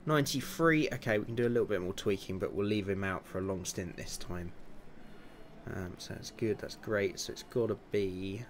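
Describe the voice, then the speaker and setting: A man's voice: fairly low pitch, normal speed, slight background noise. A man in his twenties streaming a racing management game, chatting casually and muttering to himself as he adjusts car setups. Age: 20s. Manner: chatty, muttering to himself while tweaking settings, chuckling asides. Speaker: livestream gamer. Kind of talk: casual livestream commentary.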